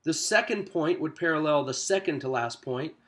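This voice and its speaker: Man coaching group leaders, relaxed and chatty. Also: fairly high pitch, normal speed. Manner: conversational teaching, frequent fillers and restarts, lively stress. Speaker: church small group coach. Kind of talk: casual coaching talk.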